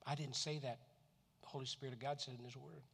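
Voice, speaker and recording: A man from Florida preaching a sermon, animated, who often repeats words and acts out voices. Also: mid-range voice, quick pace, gravelly, slightly rough. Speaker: pastor. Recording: long reverb of a hall.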